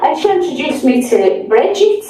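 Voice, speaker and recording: A woman telling her story as a miner's wife on stage, chatty and lively, and she acts out the other people's voices. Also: sits high, moderate pace. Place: theatre hall. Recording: echoey hall from far off with music.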